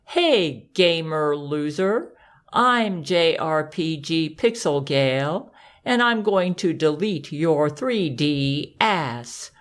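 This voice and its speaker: A woman voicing a tiny, boastful pixelated game villainess who taunts slowly. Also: deep voice, animated. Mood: taunting.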